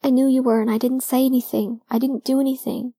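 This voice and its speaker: A hoarse young man in tears, as a woman reads him aloud in an audiobook. His voice is husky and mellow, with little rise and fall, and it sounds close and dry. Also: sits high, flat delivery, quick pace, no room sound, pitched above the performer's own voice. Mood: anguished. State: hoarse, crying. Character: young man, Logan, emotional, fierce.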